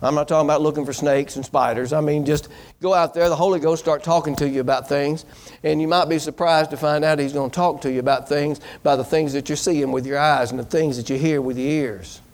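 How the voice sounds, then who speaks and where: A man delivers a sermon in a folksy, exhorting manner. His voice sits somewhat high for a man. He keeps putting questions to the congregation as their pastor. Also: fairly even intonation, a little fast, a little mellow.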